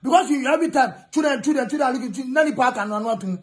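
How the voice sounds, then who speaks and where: A man's voice: extremely high pitch, lively intonation, rapid-fire, hardly any pauses. A Ghanaian man ranting in a taunting way, mixing English, pidgin and Twi. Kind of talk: ranting video message.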